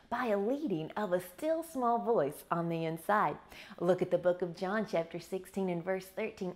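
A woman hosting a Christian devotional show from her kitchen, telling personal stories in a chatty, warm-hearted way with frequent laughs. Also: mid-range voice. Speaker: Christian teaching show host. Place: home kitchen.

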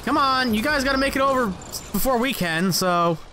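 A young man commentating his gameplay, excitable and sarcastic, swearing and talking back at the game. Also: very high voice, normal speed, slight background noise. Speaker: let's play gamer.

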